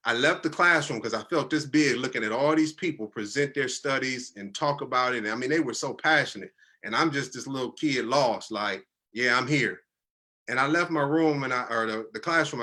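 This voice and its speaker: A man in his thirties recounts a personal turning point in an earnest, conversational way. His voice is bright and forward, and he keeps slipping into the voices of the people in his story. He sounds teary-eyed and moved. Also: medium pitch, fairly quick. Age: 30s. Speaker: guest telling his life story.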